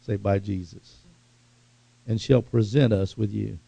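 Gravelly-voiced fervent male preacher. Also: on the low side, measured pace, no echo. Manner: fervent, animated preaching with sudden loud bursts. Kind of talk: sermon.

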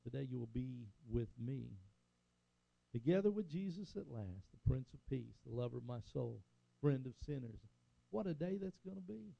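A man's voice: fairly high pitch, vocal fry, warm tone, no room sound, dull audio. An older man preaching a sermon as a pastor, rising and falling for emphasis and calling out "Amen?" to the congregation.

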